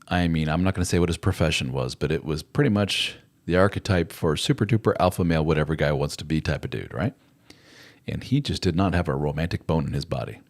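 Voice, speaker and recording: A man's voice: a bass voice, expressive, fast. A middle-aged man hosting a live chat, talking in a rambling, conversational way and acting out little quotes in other voices. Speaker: host. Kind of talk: live chat advice talk.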